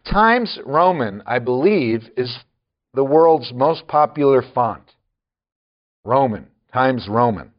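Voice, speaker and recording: A man's voice: fairly high pitch, lo-fi sound. A man preaching a sermon, often chuckling and adding wry asides.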